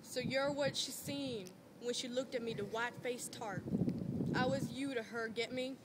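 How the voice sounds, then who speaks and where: A tough, bitter working-class man, blunt and rough-spoken, full of clipped street slang, as read by a woman. The voice sits high for the part. Heavy noise hisses underneath in this amateur play reading. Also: measured pace. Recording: loud background noise.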